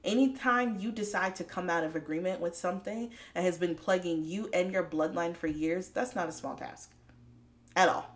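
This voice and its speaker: A woman hosting a faith-based motivational podcast, talking straight to listeners in a lively, preachy way and laughing often. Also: on the low side, normal speed. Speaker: podcast host.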